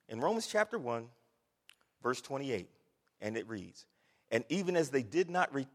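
A man preaching a sermon, swinging from hushed whispers to loud exhortation. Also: mid-range voice. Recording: long hall reverb.

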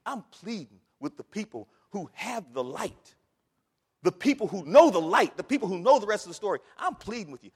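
A man preaching a sermon, swinging from hushed whispers to loud exhortation. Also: sits high, very animated, a little fast, husky. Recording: long hall reverb.

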